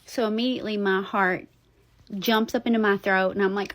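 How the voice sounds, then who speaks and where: Casting: young woman, lively and blunt, swears freely, casual ghost storyteller. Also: medium pitch, brisk. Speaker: paranormal storyteller.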